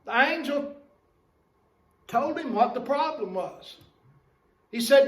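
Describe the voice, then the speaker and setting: A man's voice: extremely high pitch, animated, slow pace, pauses often, a bit bright. A man preaching a fervent sermon as pastor, quoting scripture figures with folksy asides. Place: church sanctuary. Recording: echoey church hall, distant mic.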